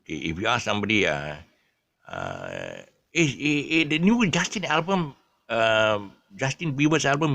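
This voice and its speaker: A man's voice: mid-range voice, big pitch swings, a little slow, vocal fry, bright, forceful tone, no room sound. A man with a Malaysian English accent, chatting casually and rambling through his explanations with many ums and restarts, adding jokes. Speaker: vlogger. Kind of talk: casual monologue explaining local slang.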